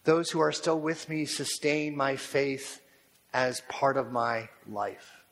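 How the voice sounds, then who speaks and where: A man preaching a sermon as a pastor, talking in a slow, measured and reflective way and posing repeated questions to his listeners. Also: mid-range voice, fairly bright tone. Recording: long reverb of a large hall.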